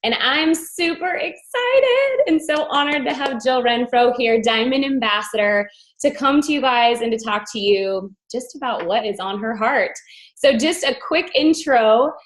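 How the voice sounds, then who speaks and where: A woman with a slightly high voice opens a team video call. She introduces her guest in an upbeat, gushing way. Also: animated, a little slow, poor audio. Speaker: host.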